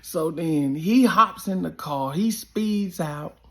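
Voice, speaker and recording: A man with a gravelly, creaky voice that sits a little high recounts a story in an animated, emphatic way. He leans on repeated phrases to build it up. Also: slow. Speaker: former college basketball player.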